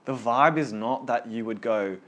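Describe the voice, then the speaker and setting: A man's voice: medium pitch, normal speed, fairly bright tone. A man leading a small Bible study group, teaching casually and earnestly, often repeating words as he gets going.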